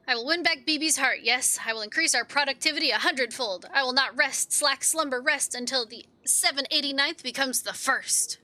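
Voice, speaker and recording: A woman's voice: high voice, fairly quick, hardly any pauses, sharp tone, faint music behind, pitched above the performer's own voice. A woman voicing a fussy, boastful little male foreman who piles up synonyms as he talks. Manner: repeats himself in breathless strings of synonyms.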